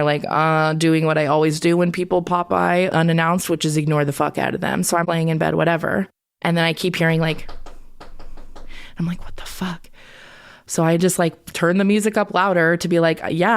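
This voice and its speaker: A woman's voice: sits low, clean tone. A woman podcast host telling a personal story in a candid, conversational way, swearing freely. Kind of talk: casual storytelling.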